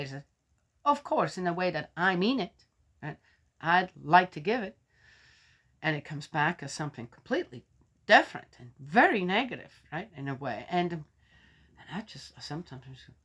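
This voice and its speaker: A woman's voice: deep voice, fairly bright tone. Rambling older woman chatting. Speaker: faith vlogger. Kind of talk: casual chat.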